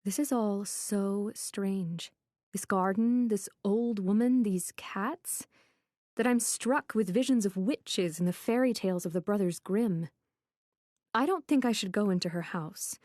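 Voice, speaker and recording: A woman's voice: mid-range voice, unhurried, a little mellow, dry recording, clean studio sound. A woman reading a first-person thriller audiobook with a wry, anxious inner voice. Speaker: audiobook narrator. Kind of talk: scripted first-person narration.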